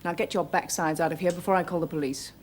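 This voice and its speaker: A woman playing a commanding businesswoman who brooks no argument. Her voice sits a touch low, and the old drama clip carries a faint background hiss. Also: steady tone, quick pace, natural voice. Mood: defiant. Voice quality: firm, commanding. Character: tough, commanding woman company boss.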